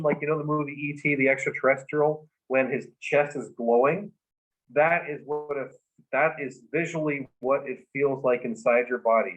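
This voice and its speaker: A man, a guest in an interview, telling a long personal story, halting with many fillers and restarts and laughing along. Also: medium pitch, highs cut off.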